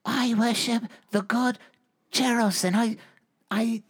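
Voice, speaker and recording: A man's voice: steady tone, breathy edge, heavily acted. A man voicing a suspicious old village woman of about eighty who warns strangers away, as part of a tabletop role-play. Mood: hostile. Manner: shrill, halting warnings.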